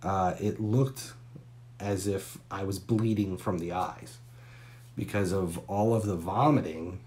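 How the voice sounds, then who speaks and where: A man in his forties hosting a live stream, telling a long, candid and profane story with pauses and fillers. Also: deep voice, fairly even intonation, darkish tone, slight background noise.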